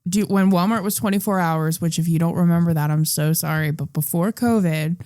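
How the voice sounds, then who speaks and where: A woman's voice: fairly low pitch, brisk, warm tone, dry recording, clean studio sound. A woman co-hosting a podcast, chatting about a movie in a casual, swearing manner. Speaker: podcast co-host. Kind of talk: casual comedic movie recap.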